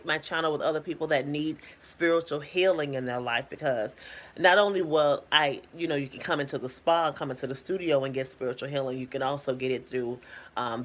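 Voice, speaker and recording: A woman spiritual healer giving a casual motivational talk to camera, preachy and emphatic, colloquial and quick to laugh. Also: low voice. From United States. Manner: preachy, emphatic, animated exclamations.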